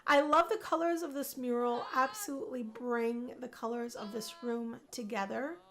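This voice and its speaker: A chatty young woman narrating her life-simulation game in a relaxed Let's Play style. Her voice sits a little high, and her talk is upbeat and rambling. She often repeats a phrase to stress it. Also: moderate pace, slight background noise. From Puerto Rican family. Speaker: gaming video host. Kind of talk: casual Let's Play commentary.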